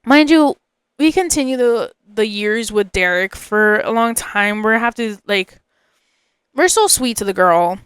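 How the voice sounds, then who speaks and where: A woman's voice: mid-range voice, animated, measured pace, a bit bright, clear, resonant tone, dry recording. A young woman hosting a podcast, telling a personal story in a chatty, rambling way, full of fillers and asides. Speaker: podcast host.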